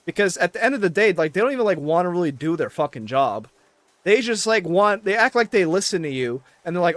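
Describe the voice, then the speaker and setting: A man's voice: sits high, animated, fairly quick, no echo. A man ranting in casual chat, exasperated and swearing constantly.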